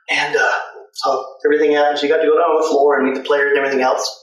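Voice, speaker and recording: A man's voice: a little high, flat delivery, very fast, a bit bright, dull audio. A middle-aged man casually telling long anecdotes about mascot work, with many "and, uh" fillers between thoughts. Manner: rambling anecdotes with frequent "and, uh" fillers. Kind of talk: casual spoken storytelling. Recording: very echoey room, mic at a distance.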